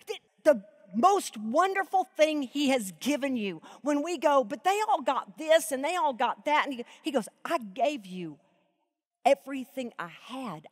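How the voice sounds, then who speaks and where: A middle-aged woman preaching a sermon at a live event, emotional and choked up, swinging between soaring emphasis and hushed reading. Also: sits high, expressive, normal speed, faint music behind. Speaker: Bible teacher.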